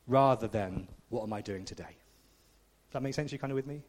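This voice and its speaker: A man's voice: mid-range voice, very animated, a little fast, a little mellow. A man preaching a conversational, self-deprecating sermon, often checking in with the congregation. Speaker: pastor.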